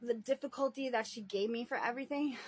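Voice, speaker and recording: A woman's voice: fairly high pitch, moderate pace, darkish tone, breathy edge. A woman caring for her parents, talking in a rambling casual video diary, laughing often and sighing. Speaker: vlogger and family caretaker.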